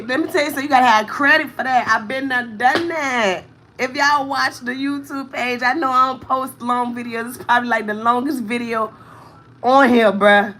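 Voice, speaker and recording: A woman's voice: on the high side, sharp tone, a little hiss or hum. A woman, venting candidly to viewers on a live stream and thanking commenters as she talks. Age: 30s. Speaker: vlogger, mother of four.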